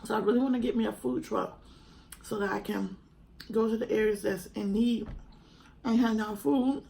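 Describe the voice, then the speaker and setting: A woman's voice: on the high side, steady tone, normal speed, vocal fry, warm tone, low-quality recording. Earnest chatty woman. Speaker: mukbang vlogger. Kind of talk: casual heartfelt chat to camera.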